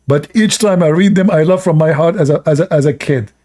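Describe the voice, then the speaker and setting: A man with a voice on the high side, brisk and dark-toned, live-streams sarcastic commentary on religious texts. Speaking non-native English, he reads stories aloud and often breaks into laughter.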